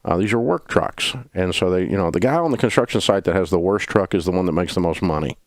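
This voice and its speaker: A man's voice: low-pitched, quick pace, no room sound, studio quality. An older man giving folksy, emphatic personal finance advice as a host.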